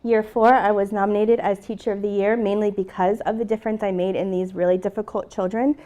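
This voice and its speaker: A woman's voice: medium pitch, little pitch movement, a little fast, warm tone. Heartfelt woman teacher telling her story. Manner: heartfelt, emotional, retelling dialogue. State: tearful at moments. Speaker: teacher giving a conference presentation. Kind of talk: personal story told to a live audience.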